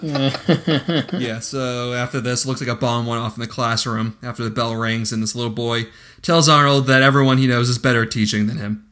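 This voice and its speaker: A man's voice: medium pitch, fairly even intonation, moderate pace, fairly bright tone. A man hosting a casual chat, recapping a movie's plot with frequent laughter and casual swearing. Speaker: podcast host recapping a movie.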